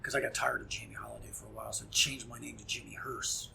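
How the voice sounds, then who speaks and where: A middle-aged man, a punk musician guest, telling a story in casual chat, animated and profane, acting out quoted dialogue. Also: on the low side, quick pace, gravelly, a little hiss or hum.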